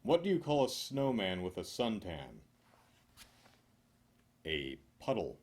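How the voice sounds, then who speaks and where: A man reading a list of corny jokes aloud in a deadpan way, chuckling now and then and making dry asides. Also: low voice, takes it slowly. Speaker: joke reader.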